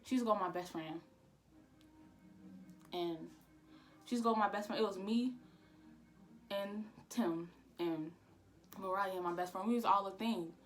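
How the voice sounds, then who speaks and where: A woman's voice: medium pitch, normal speed, pauses often, faint music behind. Young woman telling a rambling storytime. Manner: rambling, repeats "I'm like", slangy, animated when quoting. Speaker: vlogger. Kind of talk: casual storytime.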